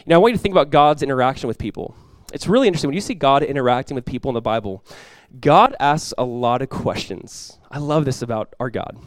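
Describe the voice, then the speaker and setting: A man preaching a sermon as pastor, in a lively, conversational way with quick acted-out asides. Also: medium pitch, no room sound.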